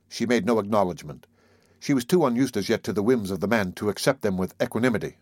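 A man giving a measured, even literary narration of a classic novel as an audiobook reader. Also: fairly low pitch, no room sound, studio quality.

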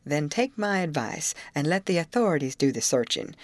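A woman reading aloud, voicing a rough but honest middle-aged male labor contractor in a blunt, folksy way. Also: sits low, big pitch swings, moderate pace, no room sound. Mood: gruff, hearty.

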